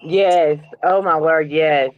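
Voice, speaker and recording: A woman's voice: sits low, fairly even intonation, slow pace, no echo, phone-quality sound. A woman, reacting expressively in a casual chat. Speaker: co-host.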